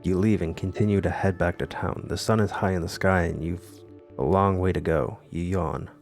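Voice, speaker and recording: A man reading a text adventure game aloud and adding wry, deadpan comments between lines. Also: deep voice, moderate pace, gravelly, faint music behind. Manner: wry, deadpan asides with laughs. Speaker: gamer playing a text adventure.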